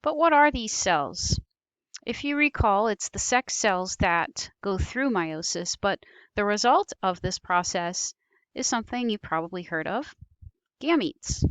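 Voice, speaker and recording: A woman's voice: mid-range voice, lively intonation, unhurried, smooth, dry recording. A woman teaching biology over slides, explaining patiently with occasional ums and self-corrections. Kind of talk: recorded slide lecture.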